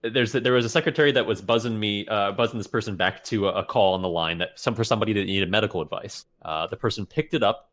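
Man, podcast co-host, fairly low voice, halting, laughs a lot. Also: fairly bright tone. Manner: halting, many restarts and fillers, laughs often. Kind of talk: casual chat, reading stories aloud.

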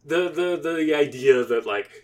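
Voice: medium pitch, lively intonation, unhurried. A player improvising a story, thinking aloud with frequent restarts.

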